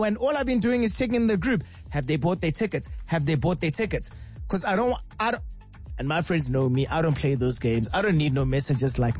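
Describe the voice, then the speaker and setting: A male radio host with a South African accent, talking in a lively, chatty way and slipping into playful bits. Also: a little high, a little fast, faint music behind. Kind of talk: upbeat radio presenting. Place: radio studio.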